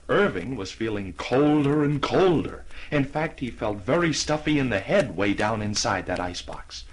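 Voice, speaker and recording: A man narrating a children's storybook in an animated, expressive reading. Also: mid-range voice, slightly rough, low-quality recording. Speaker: audiobook narrator.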